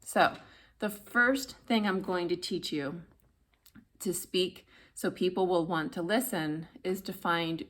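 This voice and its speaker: A woman teaching how to speak so that people listen, talking straight to viewers in an expressive instructional style and demonstrating pitch and volume as she goes. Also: unhurried. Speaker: voice coach. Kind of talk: instructional video talk.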